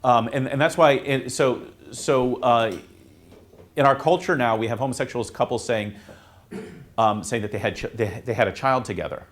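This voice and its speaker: A man, a priest, teaching students in a classroom in a casual, halting way, with many fillers and restarts. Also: mid-range voice, slight background noise. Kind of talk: informal classroom talk.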